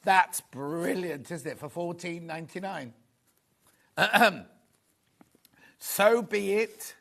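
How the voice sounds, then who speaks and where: A man presenting a live shopping show in a studio, chatty and rambling with quick asides. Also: high-pitched, creaky, fairly bright tone. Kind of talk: live selling chat.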